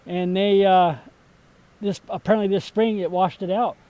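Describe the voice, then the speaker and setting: An older man chatting outdoors about his garden and land, his voice sitting high for a man. He tells stories in a homespun, rambling way, stopping and restarting often, as if talking to a camera mic on a walk. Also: fairly even intonation, dark tone, no echo, rough recording. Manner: folksy storyteller, halting with fillers. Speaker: vegetable stand owner. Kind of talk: casual chat on a walking tour. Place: outdoors at a rural home.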